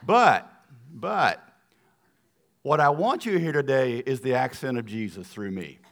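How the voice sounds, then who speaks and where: In a church sanctuary, a middle-aged Southern man preaches as a guest speaker, his medium-pitched voice fairly bright and lively in intonation at a measured pace. He's folksy and earnest, telling stories and tossing asides to the congregation.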